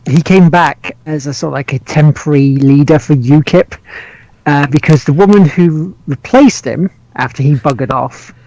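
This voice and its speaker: A man's voice: fairly high pitch, moderate pace, a little mellow, no echo, poor audio. A man from the United Kingdom co-hosting a gaming podcast in casual chat, often laughing as he talks. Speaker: podcast co-host.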